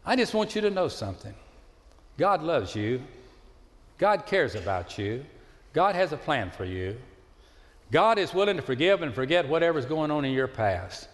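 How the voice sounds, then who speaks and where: A man preaching a sermon as pastor in a church sanctuary, swinging between loud appeals and hushed asides. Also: mid-range voice. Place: church sanctuary with live congregation. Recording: long hall reverb of a church.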